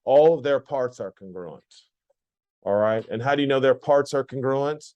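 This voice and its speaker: A math teacher with a mid-range, slightly mellow voice teaches a geometry lesson at a moderate pace, and the recording sounds muffled. He speaks plainly, repeats points often, and keeps putting questions to the class.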